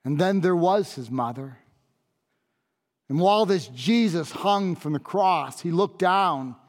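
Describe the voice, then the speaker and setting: A grave Roman centurion, voiced by a man, pours out his awe in a high, unhurried voice. He pleads and circles back on his own words for emphasis. The sound trails off in the long echo of a large hall. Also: lively intonation. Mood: solemn, awed. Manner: intense, pleading, repeats phrases for emphasis. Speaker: monologue performer. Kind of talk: dramatic first-person monologue.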